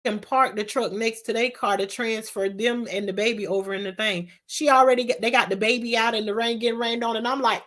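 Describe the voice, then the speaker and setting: A woman's voice: a little high, brisk. A middle-aged woman, telling a storytime vlog in an emphatic, exasperated way. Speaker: vlogger.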